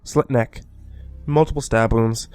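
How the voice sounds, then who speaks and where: A man voicing a matter-of-fact male paramedic in a horror story, reporting injuries flatly. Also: mid-range voice, unhurried, soft background music, close to an everyday voice.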